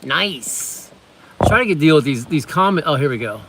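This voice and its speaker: Bright-voiced chatty livestream host. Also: male voice, fairly high pitch, animated, moderate pace, husky. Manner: rambling, chatty, reads comments aloud. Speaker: livestream host reviewing snacks. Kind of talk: casual livestream chat. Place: on lunch break at a waterfront work site.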